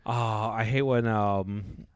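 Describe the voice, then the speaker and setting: A man's voice: lowish voice, fairly even intonation, slow, clear, resonant tone, no echo, studio quality. A man co-hosting a podcast in casual chat, laid-back and self-deprecating, laughing a lot. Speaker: podcast co-host.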